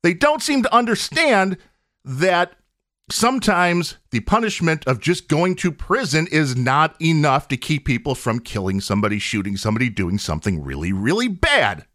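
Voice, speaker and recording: A man's voice: a little high, sing-song, normal speed, bright, forceful tone, dry recording, studio quality. A man hosting his own podcast, arguing his opinions emphatically with rhetorical questions. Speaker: podcast host. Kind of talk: opinionated solo podcast monologue.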